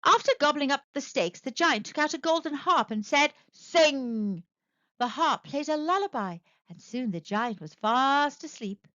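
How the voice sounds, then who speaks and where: A woman reading a picture book aloud to children, narrating with expressive, animated storytelling. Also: sits high, moderate pace, few pauses, no echo, lo-fi sound. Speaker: storyteller, channel host.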